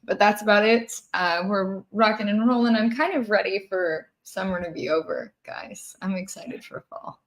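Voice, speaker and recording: A woman's voice: medium pitch, normal speed, few pauses. Easygoing woman podcast co-host. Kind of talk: casual podcast chat.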